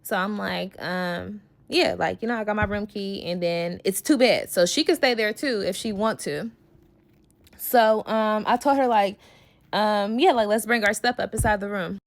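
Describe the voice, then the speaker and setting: A young woman tells a messy personal story for her vlog. She is heated and profane, piling on fillers and asides as she goes. Her voice sits in a mid-range pitch. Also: normal speed.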